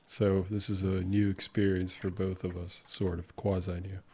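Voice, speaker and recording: A man co-hosting a casual podcast, reacting with slow remarks and frequent laughs. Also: low voice, flat delivery, mellow. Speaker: podcast co-host.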